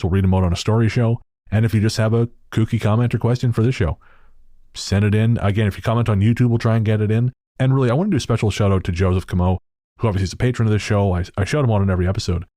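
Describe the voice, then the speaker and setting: A man's voice: fairly low pitch, mellow, no room sound, clean studio sound. A middle-aged man co-hosting a podcast in casual, profane chat, ranting freely. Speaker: podcast co-host.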